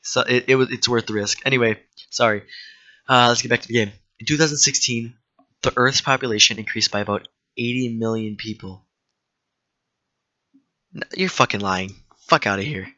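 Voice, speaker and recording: A man with a bright, forceful voice rambles excitedly through loose stories and cusses freely while playing a trivia game. He sounds close and dry, through a slightly dull, lo-fi desk mic. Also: medium pitch, a little fast, dry recording. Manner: rambling, excitable storyteller who swears freely. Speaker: gaming video creator.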